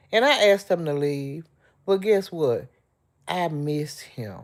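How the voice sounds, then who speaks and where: Her low-set, darkish voice carries a warm, emotional chat aimed straight at the people watching. She's a middle-aged woman hosting a casual livestream.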